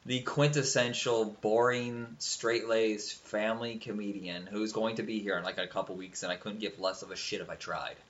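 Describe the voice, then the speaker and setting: A man's voice: lowish voice, steady tone, normal speed, few pauses, slight background noise. A man co-hosting a podcast in casual chat, rambling and swearing, often breaking into goofy cartoon impressions. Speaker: podcast co-host. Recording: dull lo-fi sound.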